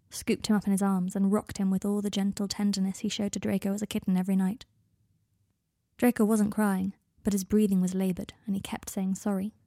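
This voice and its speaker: A woman calmly reading a romance story aloud as its narrator. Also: medium pitch, no room sound, clean studio sound. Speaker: fan fiction reader.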